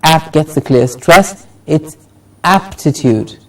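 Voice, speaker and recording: A man teaching a pronunciation lesson, slowly repeating words and exaggerating the stressed syllables. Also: on the high side, recorded from a distance, rough recording.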